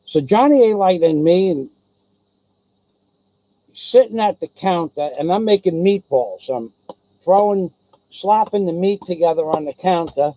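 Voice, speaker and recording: A man's voice: high-pitched, expressive, measured pace, long pauses, warm tone, rough recording. A man telling a casual personal anecdote, rambling and digressive with many restarts, blunt and salty in his talk. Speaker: storyteller.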